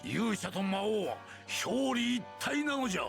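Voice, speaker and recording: A solemn fantasy game king, proclaiming in a grand style. The voice sits high and swings widely, delivered fast with a gravelly edge. Game music plays underneath. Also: very animated, heavily acted. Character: stately Japanese-speaking king in a fantasy game.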